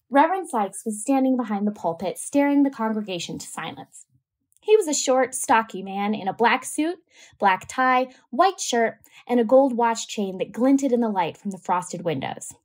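A woman teacher reading a novel aloud to a class with a steady, clear delivery. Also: a little high, moderate pace.

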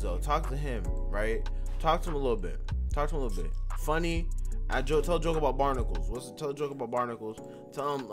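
A man hosting a casual let's-play, joking, swearing and talking back at the characters on screen. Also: mid-range voice. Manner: animated, joking, profane, talks to the game characters. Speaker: gaming channel host.

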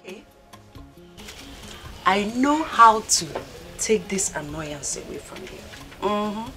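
A woman's voice: mid-range voice, big pitch swings, slow pace, sharp tone, full character voice. A Nigerian actress playing a caring woman who coaxes and reassures her upset friend, dropping Igbo words. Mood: coaxing. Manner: coaxing, reassuring, mixes in Igbo. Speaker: actor in a film. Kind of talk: Nollywood film acting. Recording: film audio with faint background music.

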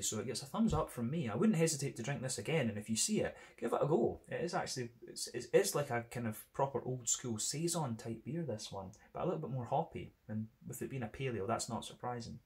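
A man with a Scottish accent reviewing beer in a casual, rambling monologue, full of "kind of" and "sort of" fillers. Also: medium pitch.

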